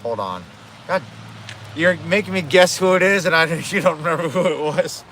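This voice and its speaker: A man's voice: a little high, lively intonation, normal speed, pushed and bright, a little hiss or hum. A man chatting casually on a livestream, rambling, correcting himself and swearing, outdoors at home.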